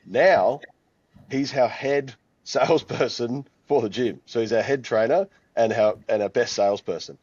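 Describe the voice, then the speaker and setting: A man's voice: mid-range voice, moderate pace, a little mellow, slightly rough, no echo, muffled recording. A man who owns a gym, talking in a casual podcast chat and telling stories in a confident, matter-of-fact way. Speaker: gym owner, co-host. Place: his gym.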